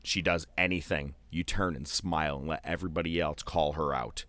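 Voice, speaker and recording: A man telling a profane, animated story in casual chat, acting out the voices of the people in it. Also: very deep voice, brisk, no echo. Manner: profane, animated, acts out quotes.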